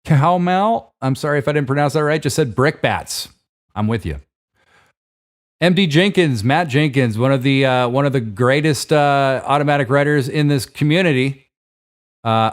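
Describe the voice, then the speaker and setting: A man hosting a live show, reading listener writings aloud in a relaxed way, with fillers and stumbles over names. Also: mid-range voice, normal speed. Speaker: host.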